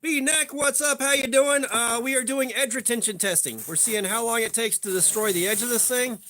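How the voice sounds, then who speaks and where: A man's voice: very high-pitched, normal speed, bright, forceful tone. A young man hosting a casual livestream, rambling profanely and greeting viewers in chat by name. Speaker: livestream host.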